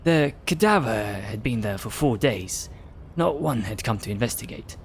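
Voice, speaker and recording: A man reading aloud as a calm, reserved male police lieutenant, giving a case briefing in a measured, dry way. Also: on the low side, a little hiss or hum, close to an everyday voice. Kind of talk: reading game dialogue aloud.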